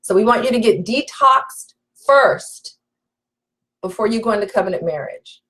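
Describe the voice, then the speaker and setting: A woman's voice: medium pitch, expressive, normal speed, a bit bright, rough recording. A woman relationship coach teaching live, emphatic and preachy, repeating her key points and calling out to viewers. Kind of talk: live-stream teaching, reading viewer comments.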